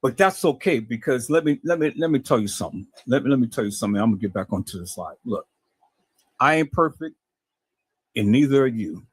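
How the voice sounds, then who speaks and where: A man's voice: mid-range voice, animated, fairly quick, slightly rough, no room sound. A man talking to his viewers in a casual, preachy way, often stammering and repeating words. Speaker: video host.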